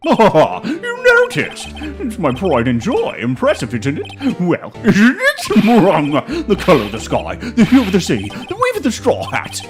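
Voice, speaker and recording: A woman voicing a pompous, evasive old male lawyer in a playful game voice-over, with hems and throat-clearing. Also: medium pitch, huge pitch swings, measured pace, hardly any pauses. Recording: stream audio over loud game music.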